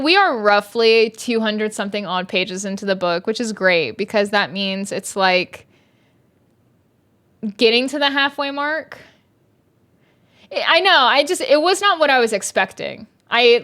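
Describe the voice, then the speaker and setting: A woman's voice: a little high, fairly bright tone. A young woman, a streamer reviewing a book in casual chat, exasperated and sarcastic, swearing often. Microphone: streaming mic.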